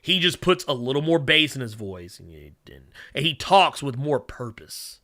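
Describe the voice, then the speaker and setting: Bright-voiced man rambling casually as host. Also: mid-range voice, sing-song, normal speed. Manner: rambling, many fillers, hums while reading chat; blunt, profane rants. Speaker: podcast host. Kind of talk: casual solo chat reading viewer questions.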